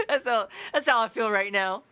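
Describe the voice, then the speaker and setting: A woman's voice: fairly high pitch, very animated, measured pace, pushed and bright. A woman playing a tabletop game, talking in a giggly, stumbling, rambling way. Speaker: player. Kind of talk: tabletop role-play chat.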